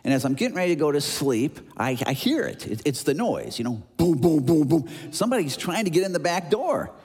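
A man in his sixties from Chicago, preaching a sermon as an animated storyteller who acts out noises and voices. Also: a little high, quick pace, husky. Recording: long hall reverb.

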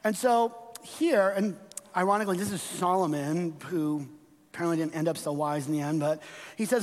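A man's voice: on the high side, moderate pace. A middle-aged male pastor preaching a conversational sermon, telling stories and checking in with the congregation with frequent asides. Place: church sanctuary. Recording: long reverb of a church hall.

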